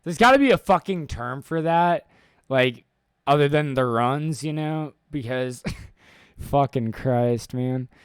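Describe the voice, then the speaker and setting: A young man chats on a podcast, telling stories full of swearing. His pitch is middling, and he acts out what people said with sudden loud jumps. The sound is dry and close. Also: takes it slowly, clear, resonant tone, dry recording. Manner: profane, animated storytelling with loud acted-out quotes. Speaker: podcast co-host. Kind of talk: casual chat.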